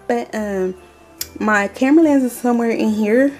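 Chatty woman vlogger with soft music. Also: fairly high pitch, normal speed. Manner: chatty, addresses viewers as y'all, animated. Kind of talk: casual talking haul vlog. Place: at home.

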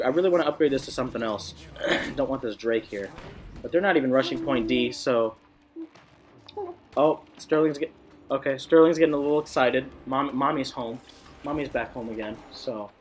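A young man giving excitable gameplay commentary, swearing often and laughing a lot. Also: medium pitch. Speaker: gamer.

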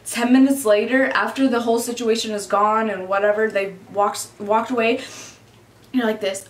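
A woman's voice: a little high, moderate pace. A young woman in her twenties telling a story casually, swearing often and saying "like" constantly, for her vlog. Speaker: vlogger. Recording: echoey room.

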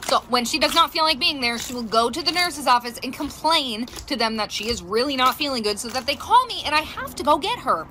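A woman's voice: high-pitched, animated, brisk, hardly any pauses. A middle-aged mother telling a funny story about her daughter, amused and laughing as she talks. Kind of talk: storytime narration. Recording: noisy recording.

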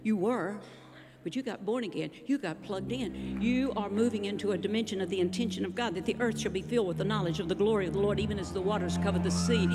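A woman's voice: mid-range voice, fast. Woman preacher in an echoing hall. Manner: emphatic, rhythmic preaching that swings from hushed to shouting. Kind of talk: sermon. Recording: live hall recording with long reverb and music.

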